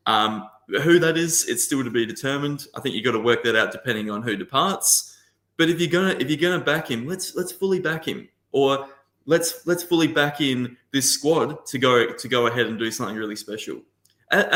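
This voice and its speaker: A man's voice: medium pitch, fairly bright tone, reverberant. A man on a video-call podcast panel, talking passionately about football, often restarting and correcting his sentences. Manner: passionate, rambling with frequent restarts. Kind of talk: casual football chat.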